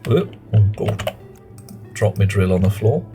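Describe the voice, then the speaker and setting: Male streamer, rambling and self-mocking, low register. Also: unhurried, music in the background. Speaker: game streamer. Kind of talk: live gameplay commentary and chat.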